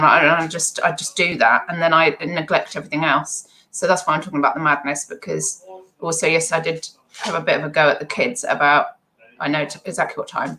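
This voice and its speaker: A woman's voice: sits low, bright, forceful tone, low-quality recording. A middle-aged woman chatting on a live stream as an online seller, rambling and self-deprecating. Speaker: eBay seller livestreaming.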